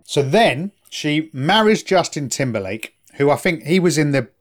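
A man's voice: fairly high pitch, very animated, normal speed, faint music behind. A man in casual chat, explaining at length and often asking "right?" for agreement. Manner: chatty, explaining, asks for agreement.

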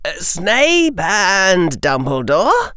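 A man's voice: sits high, wildly swooping pitch, extremely slow, pushed and bright, clean tone, dry recording, studio quality, pitched above the performer's own voice, full character voice. A man voicing a clever, awkward young boy wizard in an audiobook, stammering with frequent "uh"s.

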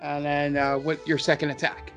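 A man acts as game master for a tabletop game, describing the action loosely and with plenty of ums and uhs. His voice is bright and slightly high. Faint music plays underneath. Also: moderate pace. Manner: relaxed, filler-heavy narration.

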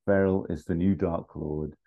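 A man casually pitching a film idea on a podcast, rambling and acting out bits as he goes. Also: steady tone, phone-quality sound. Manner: rambling, acts out bits with quick voices. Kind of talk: casual storytelling chat.

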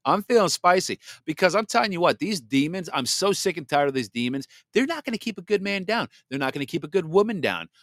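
A man's voice: fairly high pitch, sing-song, quick pace, few pauses, a bit bright, dry recording, studio quality. A man hosting a talk podcast, ranting in a fiery, preachy way. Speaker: podcast host. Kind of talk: animated talk show monologue.

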